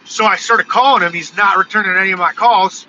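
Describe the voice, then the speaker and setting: A man in his forties talking casually in a live vlog from his car, telling stories in an animated, ranting way. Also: high-pitched, fairly quick, slight background noise. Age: 40s. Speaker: vlogger. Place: in a car on the road. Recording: dull lo-fi car recording with music. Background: techno music playing.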